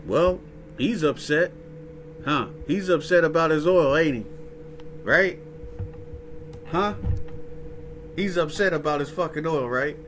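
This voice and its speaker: A man's voice: a little high, takes it slowly, long pauses, fairly bright tone, a little hiss or hum. Profane, rambling man reacting to a clip. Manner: profane, rambling, asks "right? huh?" over and over. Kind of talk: casual reaction commentary.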